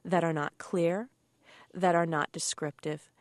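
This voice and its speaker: Animated woman telling baking stories. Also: fairly low pitch, measured pace, dry recording, studio quality. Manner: animated storyteller, laughs often, acts out quoted voices. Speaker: guest cookbook author. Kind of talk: casual radio chat.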